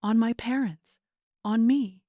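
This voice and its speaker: A woman's voice: a little high, slow, dry recording, lo-fi sound, voice pushed up. A woman voicing a desperate young wife who stammers and pleads defensively.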